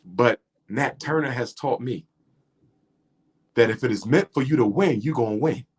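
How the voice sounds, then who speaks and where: A man's voice: mid-range voice, moderate pace, breathy edge. A middle-aged man speaking in a preacherly, rhythmic way, building emphasis through repetition. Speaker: guest speaker. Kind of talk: impassioned lecture in conversation.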